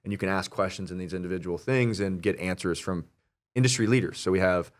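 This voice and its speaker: A young man talking casually as an interview guest, telling stories animatedly and quoting himself. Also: low voice. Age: young adult. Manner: animated storyteller, quoting himself, quick asides. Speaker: real estate investor guest.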